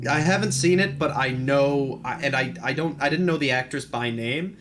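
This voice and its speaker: A man's voice: mid-range voice, normal speed, background noise. A young man co-hosting a podcast, chatting eagerly with stammered restarts and frequent laughs. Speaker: podcast co-host. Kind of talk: casual chat.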